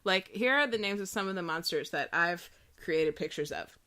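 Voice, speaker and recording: A woman's voice: fairly low pitch, lively intonation, normal speed, pushed and bright. A woman co-hosting a podcast, chatting casually, rambling and giggling as she reads aloud. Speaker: podcast co-host. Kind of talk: casual chat.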